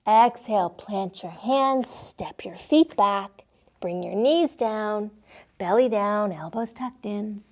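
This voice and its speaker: Gentle slow-paced woman leading kids' yoga. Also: medium pitch. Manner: gentle, playful, calls out animal sounds. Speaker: yoga teacher for children. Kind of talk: guided kids' yoga instruction.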